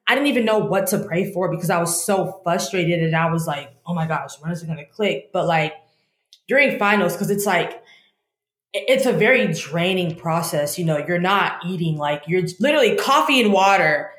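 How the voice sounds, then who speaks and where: A woman's voice: fairly low pitch, moderate pace, roomy sound. A woman in her twenties, a law student guest, telling her story candidly and animatedly in a casual interview. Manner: candid, animated storytelling, talks to herself in quotes.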